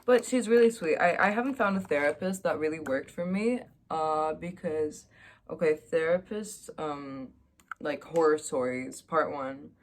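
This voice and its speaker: A woman's voice: deep voice, measured pace, a little hiss or hum. A young woman vlogger in a casual confessional chat, telling candid stories with a self-mocking, chatty humor.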